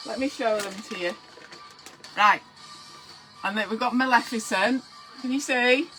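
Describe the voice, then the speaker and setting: A woman's voice: a little high, unhurried, poor audio. A woman hosting a casual live stream, chatty and giddy, fussing over her pets between greetings to viewers. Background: faint Halloween music.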